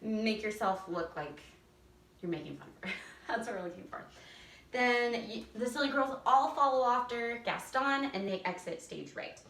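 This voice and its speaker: A woman theater teacher explains stage directions in a casual, enthusiastic way, with a lively, swinging pitch. She sounds distant from the mic, in a roomy space with an echo. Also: moderate pace, gravelly. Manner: enthusiastic, animated, laughs often. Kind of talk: casual instructional talk.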